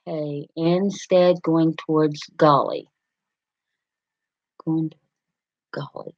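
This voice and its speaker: Slow, chatty woman hosting a livestream. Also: low voice, fairly even intonation. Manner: chatty, rambling, addresses viewers by name. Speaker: livestream host. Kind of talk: casual live chat reading comments. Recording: slightly dull lo-fi sound.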